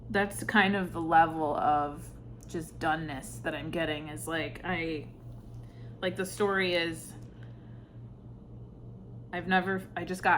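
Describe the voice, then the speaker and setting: A woman giving an intuitive tarot reading, speaking softly and reflectively, with sighs and pauses between thoughts. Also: sits low, fairly even intonation, a little hiss or hum. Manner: slow, soft-spoken, reflective, with sighs and pauses. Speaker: tarot reader.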